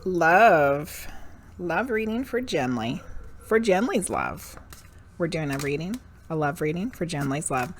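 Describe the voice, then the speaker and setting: A woman's voice: low voice, lively intonation, moderate pace, slight background noise. A woman giving tarot readings on a live stream, frank and profane, ranting and then laughing at herself. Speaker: medium and tarot reader.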